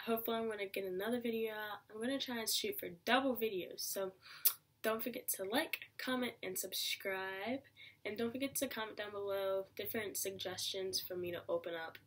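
A young woman telling a casual storytime vlog, chatty and animated, acting out what people said. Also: mid-range voice, brisk. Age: young adult. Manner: chatty, animated, acts out quoted lines. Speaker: vlogger.

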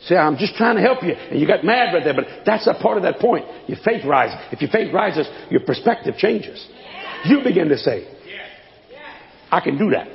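An older man preaching a sermon, swinging between shouts and low folksy asides, with a gravelly voice. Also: sing-song, normal speed, long reverb tail, dull audio.

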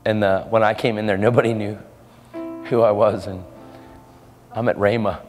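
A man's voice: fairly low pitch, flat delivery, normal speed, a little mellow. A man preaching a storytelling sermon in an earnest, casual way, often repeating his words. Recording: echoey hall with faint music.

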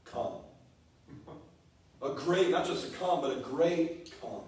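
A pastor preaches a sermon in a church sanctuary, his slightly high voice moving slowly and emphatically as he repeats key words. The distant mic picks up the echoey room.

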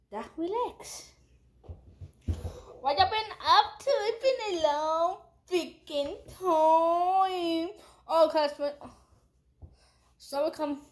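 A young woman chatting casually in a storytime vlog, rambling and slangy, swearing freely, talking into a headphone mic at home. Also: high voice. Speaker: vlogger.

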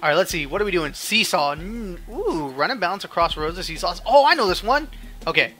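A man giving excited, animated commentary over his own gameplay, yelping and laughing at his mishaps. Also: high voice, fairly quick, faint music behind. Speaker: gaming video host.

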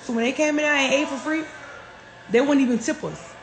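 A woman, telling stories on a phone livestream in a profane, animated way. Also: high voice, a little fast, slight background noise. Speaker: livestream host. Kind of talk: casual livestream rant. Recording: roomy echo.

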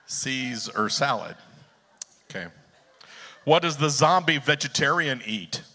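A man's voice: mid-range voice, lively intonation, slow pace, pushed and bright. Wry man telling corny jokes on stage. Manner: corny, wry, teasing the crowd. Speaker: joke contest entrant. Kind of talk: live stage joke-telling. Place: theater stage, live event. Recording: long theater hall reverb.

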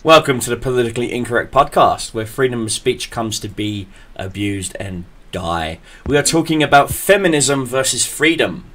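A man hosting a podcast, telling a story in a profane, animated way. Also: medium pitch, moderate pace, few pauses. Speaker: podcast host. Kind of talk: casual podcast chat.

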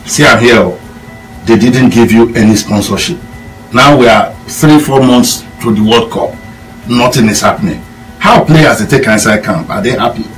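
Host asking short questions. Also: male voice, medium pitch, normal speed. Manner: brief probing questions. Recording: distant mic with faint music.

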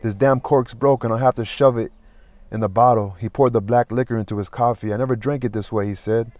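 A man reading a novel aloud in an even, plain manner, lightly voicing the dialogue. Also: medium pitch, fairly quick, dry recording. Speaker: audiobook reader.

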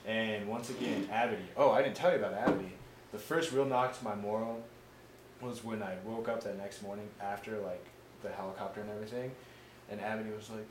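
A man's voice: fairly low pitch, quick pace. A young man, a veteran, casually telling war stories, swearing often and acting out what people said. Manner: profane, animated, acts out quotes. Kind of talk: casual oral history storytelling. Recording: echoey room with faint noise.

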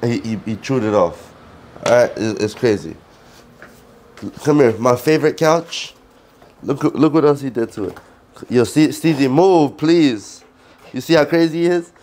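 A man's voice: medium pitch, lively intonation, measured pace, pauses often, darkish tone. A man casually vlogging around his home, talking loosely with stumbles and repeats, and giving his dog firm repeated commands. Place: at home, indoors.

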